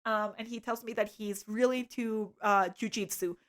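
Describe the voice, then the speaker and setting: A woman from Canada co-hosting a podcast, telling a story in a casual, animated way with lots of fillers and laughter. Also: mid-range voice, moderate pace. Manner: animated storytelling, frequent "like", laughs mid-sentence. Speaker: podcast co-host.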